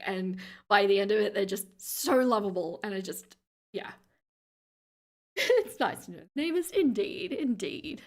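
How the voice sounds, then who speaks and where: Reading out viewer comments in a relaxed chat, this Australian woman hosts a livestream with lots of laughter. Vocal fry creeps into the lower end of her voice.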